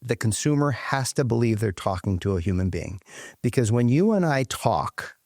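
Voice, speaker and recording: Lively man explaining in a dry room. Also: mid-range voice, normal speed, no room sound. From United States. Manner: animated storyteller, acts out phone callers. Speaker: guest, company leader. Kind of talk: conversational interview.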